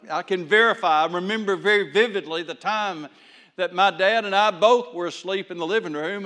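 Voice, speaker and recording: A man preaching a sermon, telling folksy stories and swinging between loud bursts and hushed lines. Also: high-pitched, big-room sound. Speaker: pastor.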